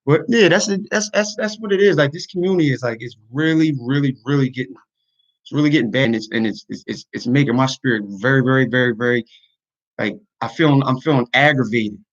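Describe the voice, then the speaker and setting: A man's voice: mid-range voice, quick pace, muffled recording. A man talking earnestly to his online community in a casual livestream, venting his frustrations. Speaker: YouTuber and podcaster.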